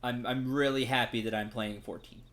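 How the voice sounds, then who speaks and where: A man's voice: mid-range voice, fairly even intonation, moderate pace, a bit bright. A man streaming a game, chatting casually with his viewers and laughing often. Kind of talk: casual gameplay stream chat.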